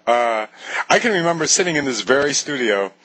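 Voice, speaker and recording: Husky older man chatting on a web show. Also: on the high side, a bit bright, low-quality recording. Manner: jokey, self-mocking storyteller. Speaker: co-host of an online talk show. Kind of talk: casual chat. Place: small home studio.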